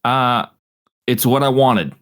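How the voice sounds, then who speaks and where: A man's voice: medium pitch, lively intonation, slow, fairly bright tone, smooth. A man co-hosting a casual chat, laid-back and loose, using "like" a lot. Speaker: co-host.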